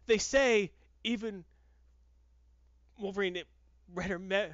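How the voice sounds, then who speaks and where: A man's voice: sits high, fairly even intonation, takes it slowly, a bit bright, no echo, dull audio. A man reviewing a comic book in casual podcast chat, with sarcastic, exasperated ranting.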